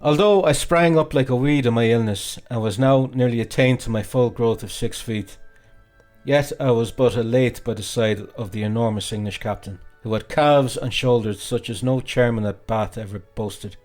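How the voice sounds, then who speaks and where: A man's voice: mid-range voice, moderate pace, soft background music. Man giving theatrical audiobook narration. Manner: expressive, theatrical reading. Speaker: audiobook reader.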